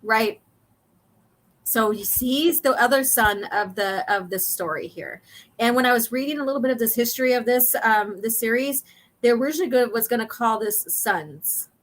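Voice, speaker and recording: Casual woman host, a touch high-pitched, talkative, lots of ums. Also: normal speed. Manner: chatty, reads comic lines aloud with many ums. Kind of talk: casual chat walking through comic pages.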